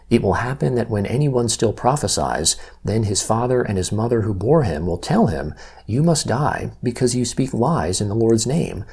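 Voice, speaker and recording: Male Bible reader, husky and mellow, measured scripture reading. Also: lowish voice. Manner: measured, even-paced reading with slow emphasis on key phrases.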